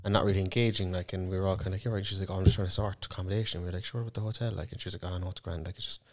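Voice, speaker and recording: Cork lad co-hosting a podcast, deep voice, talks fast, swears loads. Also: male voice, steady tone. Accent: Irish, Cork. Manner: swears freely, storytelling with voiced asides. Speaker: podcast co-host. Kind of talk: casual chat.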